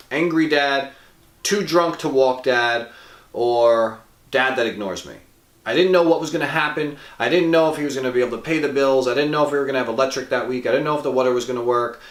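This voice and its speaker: A man hosting a show, speaking earnestly to the camera and speeding up or slowing down for emphasis. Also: mid-range voice, a bit bright. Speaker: host. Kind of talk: earnest direct-to-camera talk. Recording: roomy echo.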